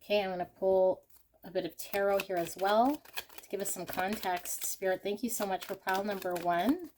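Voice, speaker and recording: A woman's voice: mid-range voice, fairly even intonation, normal speed, a little mellow, a little hiss or hum. A woman hosting a pick-a-card tarot reading, talking in a gushing, exclamatory way as she turns the cards. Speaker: tarot reader.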